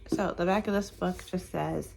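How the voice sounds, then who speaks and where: A woman's voice: on the low side, normal speed, vocal fry, darkish tone, husky, low-quality recording. A tired, sleepy woman chatting casually at home in the morning as a book vlogger, rambling and searching for words. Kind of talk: casual morning chat to camera.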